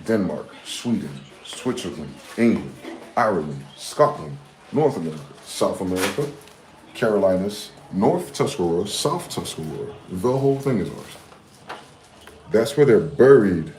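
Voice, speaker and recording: A solo streamer with a low, animated, unhurried voice delivers a rambling, profane late-night monologue packed with repeated phrases and rhetorical questions. He talks in a slangy, casual way, dropping "y'all" and "bro." The recording is clear, with background noise from passing vehicles.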